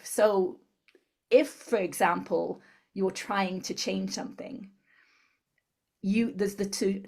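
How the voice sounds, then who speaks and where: A woman guest in an interview, calmly explaining a tapping technique step by step. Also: medium pitch, creaky. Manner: calm step-by-step instructor. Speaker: guest, tapping therapy practitioner.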